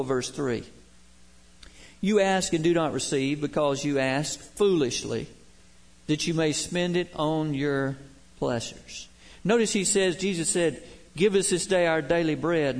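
An older man preaches a sermon as pastor, his voice pitched a little high. He slows down to stress key words and drops in folksy, humorous asides.

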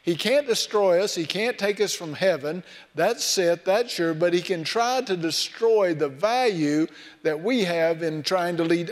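A man preaching a sermon in a folksy, storytelling way, mixing scripture with personal anecdotes. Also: on the high side. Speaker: pastor. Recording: long hall reverb.

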